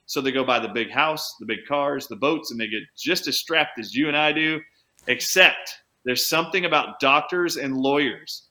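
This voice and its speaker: Man, chiropractor guest, bright voice, lively storytelling, speeds up and slows down. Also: mid-range voice. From United States. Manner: animated anecdote-teller, speeds up and slows down for emphasis. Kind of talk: conversational storytelling.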